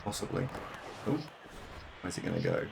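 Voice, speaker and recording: A man's voice: normal speed, a little mellow, a little hiss or hum. A man streaming a board-based video game, thinking aloud about his moves in an easygoing way. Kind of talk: casual game commentary.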